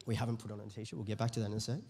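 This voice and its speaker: A male pastor giving a conversational sermon to a church congregation, building to loud, emphatic preaching. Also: lowish voice, level tone, racing, creaky, husky. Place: church hall.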